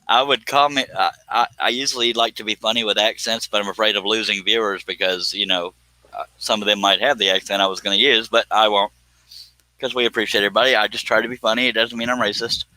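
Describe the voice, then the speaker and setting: Male stream host, bright, joking, reads chat aloud, close dry mic. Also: on the low side, fairly even intonation, fast talker, no room sound, rough recording. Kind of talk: casual live stream chat.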